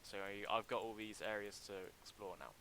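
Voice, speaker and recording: A young man chats through a livestream as he works on a game level, his fairly low voice carrying a bright, forceful edge. He talks in a halting way, full of ums and restarts, close to a desk mic with a faint hiss behind. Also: fairly even intonation, low-quality recording. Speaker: livestreamer building a game mod. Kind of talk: casual livestream commentary.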